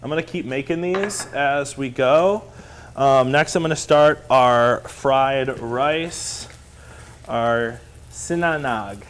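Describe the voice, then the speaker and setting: A man teaches a live cooking class in a kitchen studio, speaking at medium pitch and taking it slowly, with slight background noise. He's chatty, upbeat and self-deprecating as pans sizzle and cookware clatters around him.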